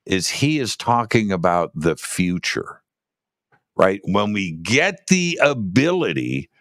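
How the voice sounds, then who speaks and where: A man co-hosting a casual discussion, talking in an animated way and often repeating words while he thinks. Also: deep voice, dry recording, studio quality. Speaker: podcast co-host.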